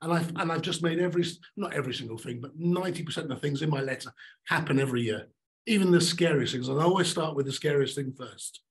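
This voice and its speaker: A middle-aged man giving a motivational talk on stage, emphatic and animated, repeating his key lines. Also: a little high, fast, rough recording. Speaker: keynote speaker.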